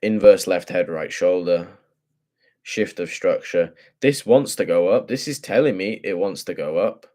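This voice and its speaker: A man's voice: sits low, unhurried, a little mellow. A young man casually talking through forex charts, thinking aloud in profane, slangy speech. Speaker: forex trader.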